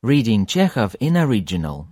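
A man teaching a language lesson from a script, patiently repeating words slowly for pronunciation drills. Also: lowish voice, very animated, warm tone, dry recording, clean studio sound, faint music behind.

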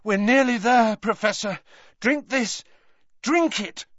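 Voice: medium pitch, very animated, slow pace, a bit bright, no room sound, pitched above the performer's own voice, full character voice. A reader plays a scared teenage boy, his raised voice urgent and shaking as he coaxes and reassures. The lines rise and fall with strain. It comes through as a dry, somewhat dull storybook recording. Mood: desperate. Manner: urgent, pleading, shaky. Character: teenage boy wizard, desperate and frightened. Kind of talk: audiobook character voice.

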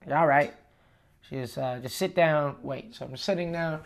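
A man hosts his own podcast, spinning a story from the road in a casual, swearing style. He quotes the people he talked to as he goes, shifting between plain narration and animated bits of dialogue. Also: fairly high pitch, moderate pace. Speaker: touring comedian and podcast host.

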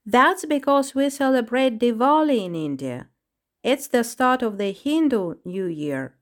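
Woman playing storybook parrot, male, excitable, exclaiming, high. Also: measured pace. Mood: excited. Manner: lively, exclaiming. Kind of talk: storybook reading.

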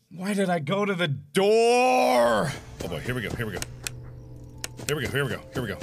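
Very high, swooping man gaming. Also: wildly swooping pitch, moderate pace. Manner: loud, profane outbursts and frustrated shouting. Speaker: gamer. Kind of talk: let's-play commentary. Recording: clear game music under the voice. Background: game music.

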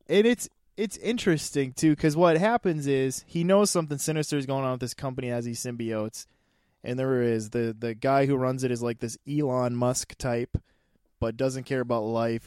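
A man's voice: mid-range voice, a little mellow, smooth, no echo, studio quality. A man co-hosting a podcast, chatting casually about a movie, laughing often and restarting his sentences. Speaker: podcast co-host. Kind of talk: casual movie review chat.

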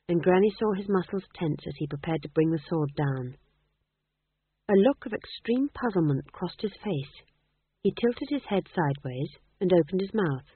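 A narrator reading a fantasy story aloud with expressive storytelling. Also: medium pitch, slightly rough, no echo. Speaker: audiobook narrator. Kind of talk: scripted narration. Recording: dry tinny phone-like audio.

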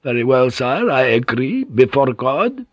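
A man's voice: medium pitch, sing-song, a little slow, dry recording, dull audio, voice pushed up. A man voicing a nervous, deferential male priest who serves as an interpreter in an audiobook. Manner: hesitant, deferential.

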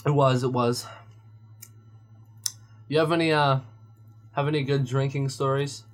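A man co-hosting a podcast, chatting casually in a blunt, profane way and laughing loudly. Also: medium pitch, steady tone, unhurried. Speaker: podcast co-host. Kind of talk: casual chat.

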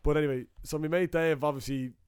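A young Dublin man with an Irish accent, co-hosting a podcast and telling a profane, animated anecdote in casual chat. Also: fairly high pitch, quick pace, clean tone, no echo, clean studio sound. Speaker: podcast co-host.

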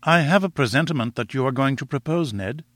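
A man reading aloud voices a proud, composed young woman who gently reproves and reasons with her suitor. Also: mid-range voice, lively intonation, fairly quick, no echo, close to an everyday voice.

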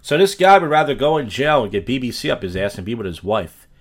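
A podcast host from Philadelphia talks in a blunt, profane rant, swearing freely as he tells his stories. His voice sits at an ordinary middle pitch for a man, and his talk is crude and direct. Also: big pitch swings, fast talker, husky. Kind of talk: crude ranting commentary.

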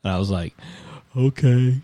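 A man's voice: medium pitch, normal speed, dark tone, no room sound. A man in his forties telling a rambling, self-mocking story in casual chat.

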